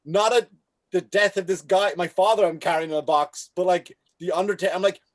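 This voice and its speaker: A man co-hosting a podcast, telling crude jokes in a lively, playful way. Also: high-pitched, a little fast, dry recording. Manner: crude, joking, lively delivery. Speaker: podcast co-host. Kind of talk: casual podcast chat.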